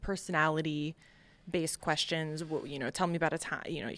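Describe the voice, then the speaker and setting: A woman from Long Island, a podcast guest, telling her story in a lively way, laughing often and acting out dialogue. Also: sits low, normal speed, no room sound. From Long Island, United States. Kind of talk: casual storytelling interview.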